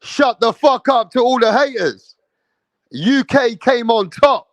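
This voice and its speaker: A man's voice: very high voice, takes it slowly, dry recording. A man from England hosting a live boxing stream, hyped and profane, repeating his points. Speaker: boxing channel host.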